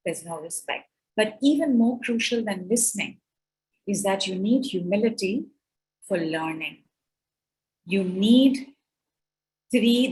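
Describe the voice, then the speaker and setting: Middle-aged woman, relationship speaker, lively conversational talk at a mid pitch, quotes others as she goes. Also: poor audio. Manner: animated, conversational, with quoted asides. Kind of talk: talk at an online summit.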